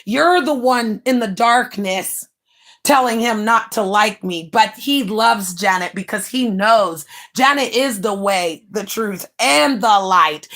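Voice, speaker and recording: A woman streamer in a brash, profane rant, mocking rivals and swinging between loud jabs and low mutters. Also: slow pace. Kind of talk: ranting livestream monologue.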